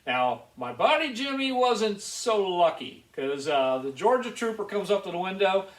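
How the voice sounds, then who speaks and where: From his garage in Ohio, a man chats through a meandering story for viewers of his casual show, leaning heavily on fillers. He speaks at normal speed in a high, sing-song voice, and the space echoes.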